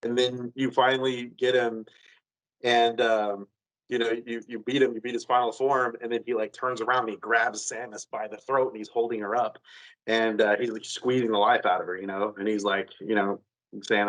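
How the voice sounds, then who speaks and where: A man on a podcast, retelling a video game ending in an animated, rambling way with lots of fillers and some cursing. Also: medium pitch, normal speed, rough recording. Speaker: podcast co-host. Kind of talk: casual chat.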